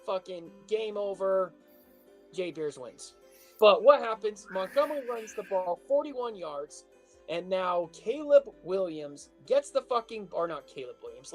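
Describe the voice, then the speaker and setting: A man co-hosting a casual podcast, swearing his way through a lively story. Faint music sits behind his voice. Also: high voice, unhurried. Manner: animated storytelling, heavy swearing. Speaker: podcast co-host. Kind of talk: casual chat.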